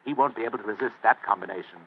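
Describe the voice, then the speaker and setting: An actor playing a wry male government official who speaks dryly and dictates with pauses. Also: lowish voice, slightly rough. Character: Holmes's elder brother, wry male official. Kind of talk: 1950s radio drama acting. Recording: thin phone-like old radio recording.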